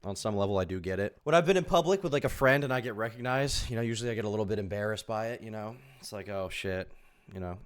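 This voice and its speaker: A man's voice: on the low side, fast talker. A young man commenting on a live stream, wry and rambling with sarcastic asides. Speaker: live streamer reacting to clips.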